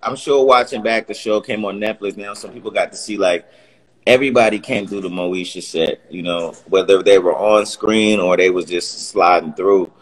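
Male guest, low-ish voice, relaxed slangy storyteller. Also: normal speed, low-quality recording. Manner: laid-back, slangy, animated retelling of stories. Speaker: guest, former sitcom actor. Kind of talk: casual storytelling.

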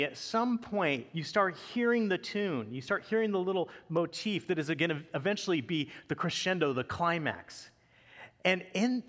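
A pastor delivering a conversational sermon with casual asides. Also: male voice, on the high side, a bit bright, in a large hall.

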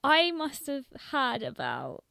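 A woman's voice: high-pitched, huge pitch swings, takes it slowly, vocal fry, sharp tone, dry recording, clean studio sound. A young woman with a London accent, chatting casually as a guest, laughing often and filling her talk with "like" and "um". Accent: London English. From London, England. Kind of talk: casual chat.

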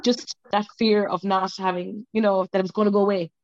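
Fast, gravelly woman telling her story. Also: mid-range voice, flat delivery, a little mellow, dry recording, lo-fi sound. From Ireland. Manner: rambling, self-interrupting, tearful at moments. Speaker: interview guest. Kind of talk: emotional personal story. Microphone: video call.

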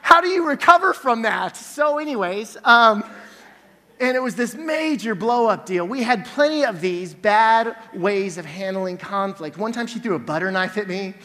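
A man in his forties preaching a sermon, telling a family story with lively acted-out scenes. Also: high-pitched, normal speed. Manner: animated storyteller, acts out scenes loudly. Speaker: pastor. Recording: long hall reverb.

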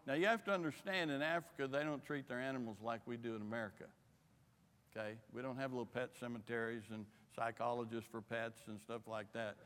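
A man preaching a missionary sermon, impassioned and rising to shouts, in a church. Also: medium pitch, fairly even intonation, brisk, clear, resonant tone. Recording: long hall reverb.

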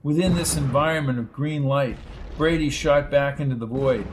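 A man narrating a dramatic science fiction audiobook in a measured reading. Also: medium pitch, a little hiss or hum. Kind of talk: scripted narration.

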